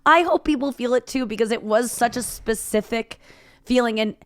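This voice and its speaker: A woman in her thirties, a podcast guest, chatting casually and reacting with quick exclamations. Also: fairly high pitch, fairly bright tone, no echo, clean studio sound. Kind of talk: casual chat.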